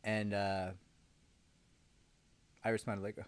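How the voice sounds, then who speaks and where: Low-voiced man telling a rambling story. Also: moderate pace. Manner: rambling, sarcastic asides, frequent ums. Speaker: lawyer host. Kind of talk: casual storytelling.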